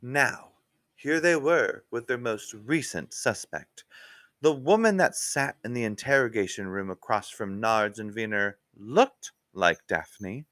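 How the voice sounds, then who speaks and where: A man narrating a mystery story in an unhurried, expressive way. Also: fairly low pitch, no room sound.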